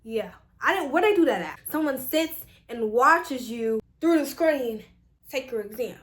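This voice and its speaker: A young woman with a high, bright-sounding voice tells a casual storytime to her viewers. She talks in an animated, exasperated way, leaning on slang as she vents. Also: a little slow. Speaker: vlogger.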